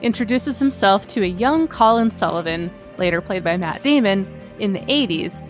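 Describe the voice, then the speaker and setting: A woman's voice: mid-range voice, expressive, moderate pace, soft background music. A woman co-hosting a film podcast in casual chat, playful and laughing often. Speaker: podcast co-host.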